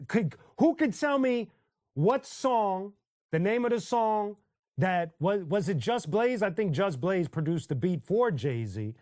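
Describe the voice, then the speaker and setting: Animated high-voiced man hosting a stream. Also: no echo, studio quality. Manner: animated storyteller who sings snippets and laughs often. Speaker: host. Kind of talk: casual live-stream chat.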